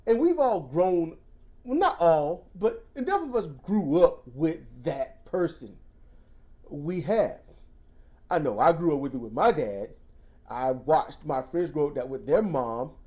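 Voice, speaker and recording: An animated man co-hosting a casual discussion, his pitch swooping widely as he rants and tells stories. His voice is dark and mellow, and he jumps into loud, mocking impressions of the people he quotes. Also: unhurried. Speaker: podcast co-host.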